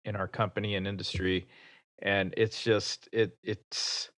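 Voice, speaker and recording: Slow-talking, low-voiced male pilot. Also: little pitch movement, a bit bright, dry recording, clean studio sound. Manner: reflective, halting with restarts. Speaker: airline pilot. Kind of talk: casual podcast chat.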